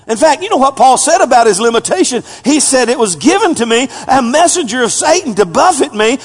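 Pastor guy preaching, pretty high voice, gets loud then goes real quiet, big echoey church. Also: sing-song, a little fast, few pauses, breathy edge. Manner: preaching, swinging from loud emphatic peaks to low quiet asides. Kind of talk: sermon. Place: church sanctuary.

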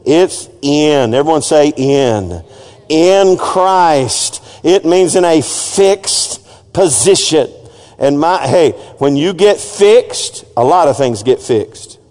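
A pastor delivering an emphatic sermon, often calling on the congregation to repeat phrases after him. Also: male voice, fairly high pitch, expressive, slow pace, darkish tone. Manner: call-and-response, urging the congregation to repeat phrases; emphatic preaching with frequent asides and restarts. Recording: long reverb of a church hall.

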